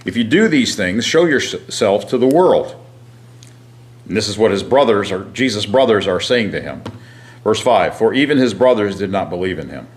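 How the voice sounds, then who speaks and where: A man teaching a Bible class, reading scripture aloud and asking his listeners questions, often clearing his throat. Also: lowish voice, expressive, moderate pace. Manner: frequent throat clearing and restarts.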